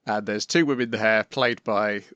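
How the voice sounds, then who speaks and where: A man hosting an anime podcast, moving topics on briskly with a wry tone. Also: fairly low pitch, fairly even intonation, a bit bright, dry recording, highs cut off. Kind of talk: casual anime discussion. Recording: dry close mic.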